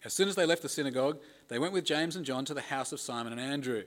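A man's voice: medium pitch, fast talker, fairly bright tone. A middle-aged man preaching a conversational sermon and reading scripture aloud with emphasis. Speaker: pastor.

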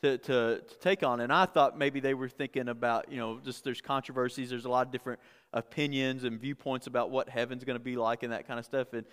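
A man's voice: mid-range voice, steady tone, quick pace, a bit bright, clear, resonant tone. Man preaching in a reverberant hall. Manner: conversational, repeats words, builds to emphatic peaks. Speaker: pastor. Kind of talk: sermon.

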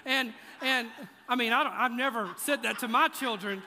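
A man preaching with a high, bright, sharp voice, shifting from playful asides to emphatic, repeated points. His voice rings out into a large church hall with long reverb. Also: normal speed, slight background noise. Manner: conversational, joking, emphatic repetition. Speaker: pastor. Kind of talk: sermon. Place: church auditorium.

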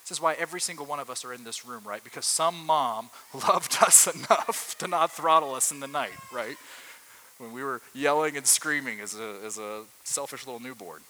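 A man's voice: medium pitch, normal speed, pushed and bright, slight background noise, rough recording. A man preaching a sermon to a room in a conversational way, often asking his listeners rhetorical questions.

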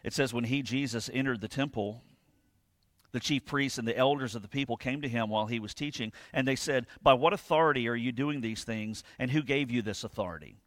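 Male pastor, conversational sermon delivery, mid pitch, dry close sound. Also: a little fast, dry recording. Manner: conversational preaching, frequent "right?" to the congregation; reads scripture aloud with rising emphasis.

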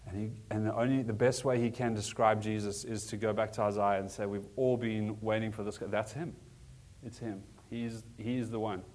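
A man's voice: on the low side, fairly even intonation, moderate pace, darkish tone. A man preaching a sermon in an earnest, conversational way, asking the congregation questions as he goes. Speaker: pastor.

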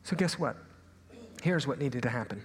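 A young man preaching a sermon as a pastor, telling a personal story in a lively, animated way and sometimes dropping to a hushed aside. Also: mid-range voice, normal speed, a little hiss or hum. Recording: hall reverb, faint ambience.

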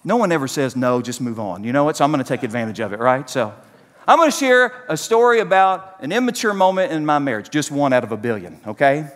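A man's voice: on the high side, sing-song, fast, long reverb tail. A man, preaching a sermon and speaking directly to his congregation. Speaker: pastor.

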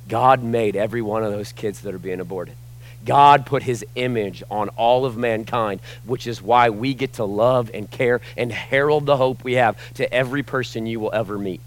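Impassioned male preacher, loud then hushed. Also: mid-range voice, poor audio. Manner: impassioned, swinging between loud emphasis and hushed asides. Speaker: pastor. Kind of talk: sermon.

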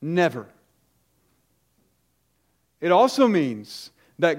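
A man preaching with urgency and emphasis. His voice sits a little higher than most men's. He punches key words hard, then slips into quick, lower asides. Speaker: pastor. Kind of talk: sermon.

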